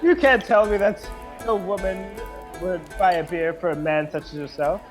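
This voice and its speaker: A refined, flirtatious lady cleric, voiced by a man in a tabletop game. She speaks in a lilting, high sing-song with genteel airs. Faint music sits under the voice. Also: steady tone, normal speed, lightly acted. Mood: flirty.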